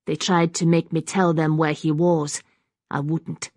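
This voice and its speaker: Woman playing cold proud Highland woman, Scottish accent, brittle, low gravelly voice, dry. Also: little pitch movement, a little slow, darkish tone, no room sound. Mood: bitter.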